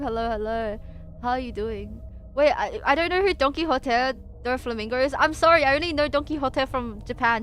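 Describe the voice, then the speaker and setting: A woman's voice: a little high, normal speed, fairly bright tone, slight background noise. Giggly young woman streamer, rambling. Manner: rambling, giggly, lots of fillers and restarts. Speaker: VTuber streamer. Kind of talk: casual livestream chat and reading.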